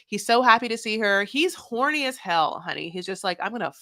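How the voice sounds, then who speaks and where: A woman co-hosting a podcast, chatting casually and animatedly about a reality show, with plenty of swearing and quick impressions of people. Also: mid-range voice, no room sound, clean studio sound. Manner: animated, profane, mimics people in put-on voices. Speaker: podcast co-host.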